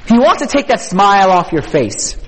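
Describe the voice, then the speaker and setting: A man giving an energetic youth sermon at a retreat, talking casually and often asking his listeners questions. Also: high voice, normal speed, slightly rough, in a large hall, low-quality recording. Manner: energetic, conversational, asks the audience questions.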